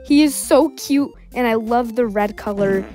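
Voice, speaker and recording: A woman's voice: a little high, normal speed, warm tone, faint music behind. A woman hosting a casual toy unboxing vlog, chatty and bubbly, laughing at herself now and then. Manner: bubbly and chatty, giggly asides. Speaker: toy reviewer.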